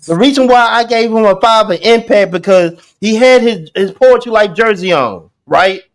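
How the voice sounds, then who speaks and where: High-pitched animated man hosting. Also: normal speed. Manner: animated, repetitive restarts, slangy. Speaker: host. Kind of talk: casual chat.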